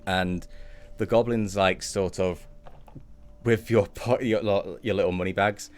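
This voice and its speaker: A man's voice: sits low, steady tone, a little slow. A man narrating a tabletop game as game master in loose, chatty speech.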